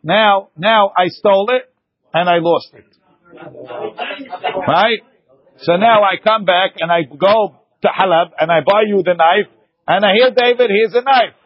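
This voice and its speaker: A man teaching a lively Talmud class, arguing points back and forth with his students. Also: high voice, a little slow, long pauses, husky, muffled recording.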